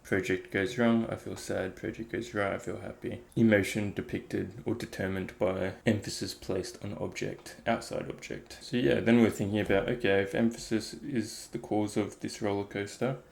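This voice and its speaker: A man's voice: on the low side, steady tone, normal speed, gravelly, hardly any pauses. A man thinking aloud in a casual, reflective talk about meditation, rambling with many fillers. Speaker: meditation vlogger.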